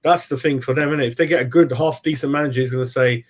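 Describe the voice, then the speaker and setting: A man at an ordinary middle pitch chatting through a football result with friends. He thinks aloud and often hedges his opinions. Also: fairly even intonation, fast, few pauses. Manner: thinks aloud, hedging with I don't know. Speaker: football fan pundit. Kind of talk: post-match reaction chat.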